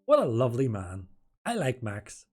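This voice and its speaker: A man's voice: mid-range voice, huge pitch swings, normal speed, darkish tone, husky, faint music behind. A man hosting and interviewing on a casual live stream, rambling and correcting himself as he jokes along. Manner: rambling, self-correcting, jokey.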